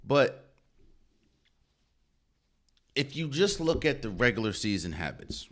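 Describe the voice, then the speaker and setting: A man's voice: mid-range voice, very animated, normal speed, pauses often. A man hosting a podcast, giving emphatic solo sports commentary and repeating phrases for effect. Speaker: podcast host.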